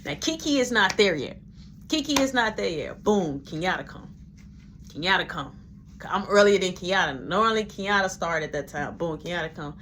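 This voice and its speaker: A man's voice: high voice, slight background noise. A man casually telling a story about a shift at work, animatedly acting out everyone's lines. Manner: animated, acts out dialogue, quick quoting.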